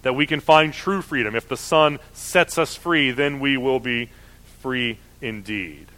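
Bright-voiced male preacher, conversational. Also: mid-range voice, a little slow. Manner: conversational, with frequent fillers and mock voices of objectors. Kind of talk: sermon.

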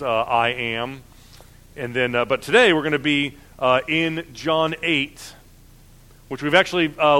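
A man's voice: medium pitch, a bit bright. A man giving a sermon as a pastor, talking conversationally with fillers, then reading scripture aloud with rising emphasis. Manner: conversational, many fillers and restarts.

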